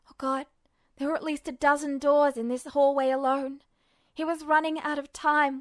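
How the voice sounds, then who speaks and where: A woman's voice: sits high, level tone, moderate pace, dry recording. A woman reading a fanfiction aloud as scripted narration, in a tense and emotional telling. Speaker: podfic reader.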